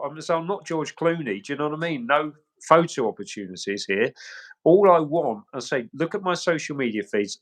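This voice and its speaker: A man's voice: medium pitch, a bit bright. A middle-aged man, recounting events emphatically in an interview, often quoting what people said. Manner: emphatic, quotes others' words, repeats points. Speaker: search specialist interviewee.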